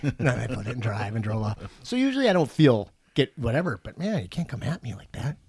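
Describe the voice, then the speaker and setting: A man co-hosting a podcast, telling stories in casual, profane, animated chat. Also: mid-range voice, fast talker, slightly rough. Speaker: podcast co-host.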